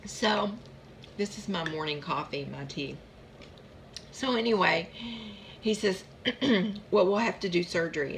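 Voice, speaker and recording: Gravelly-voiced woman telling her story. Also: fairly low pitch, slight background noise. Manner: rambling, chatty, with fillers and asides. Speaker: vlogger sharing her chronic pain story. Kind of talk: casual personal storytelling.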